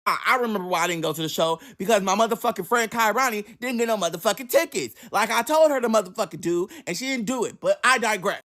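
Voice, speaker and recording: A man with a somewhat raised pitch tells a personal story to the camera. He is animated and dramatic, swears freely, and rants with comic exasperation. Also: fast talker, hardly any pauses. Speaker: vlogger telling a story. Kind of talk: casual storytime monologue.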